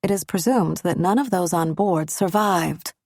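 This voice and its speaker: A woman's voice: fairly low pitch, a little slow, a little mellow, no echo, clean studio sound. A woman voicing a female airline representative who speaks in a carefully neutral, businesslike, scripted tone. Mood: formal, neutral.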